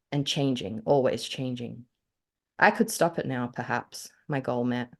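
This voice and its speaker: An Australian woman, a podcast co-host and author, chatting casually and reading her own story aloud with feeling, often laughing. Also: extremely low pitch. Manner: animated, laughs often, gets choked up.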